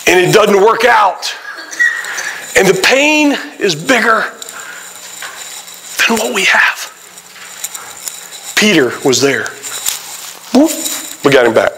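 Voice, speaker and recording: A man preaching a sermon in a church, his voice pitched a little high for a man. His delivery is forceful and bright. He tells stories in an animated way, with frequent exclamations. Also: takes it slowly, vocal fry, pauses often, slight background noise, poor audio. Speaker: guest pastor. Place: church sanctuary.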